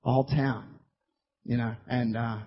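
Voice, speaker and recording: A man preaching a sermon in a church hall, impassioned, swinging between loud declarations and hushed asides. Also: medium pitch, fairly even intonation, measured pace, slightly rough. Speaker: pastor. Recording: dull recording in a long-reverb hall.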